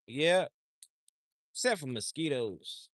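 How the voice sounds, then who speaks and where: A man's voice: on the high side, very animated, slow, dry recording, clean studio sound. A man livestreaming outdoors, talking in a loose, rambling, slangy way and often repeating himself. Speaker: livestream host. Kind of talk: casual rambling chat.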